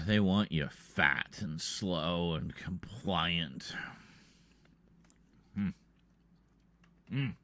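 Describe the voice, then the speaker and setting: A man's voice: sits low, drawn-out words, long pauses, a bit bright, no room sound. A man hosting a livestream in loose, rambling casual chat, often breaking into laughter. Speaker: livestream host.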